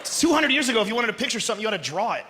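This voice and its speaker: A man doing a profane, animated stand-up comedy set, often shouting and acting out voices on a large live stage. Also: very high-pitched, racing, very noisy. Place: large live venue with audience. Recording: live stage recording with long hall reverb.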